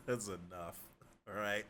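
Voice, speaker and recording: A man's voice: fairly low pitch, heavy background noise. A young man streaming, chatting casually and swearing freely as he jokes with his viewers. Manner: joking, animated, swears freely. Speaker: livestreamer.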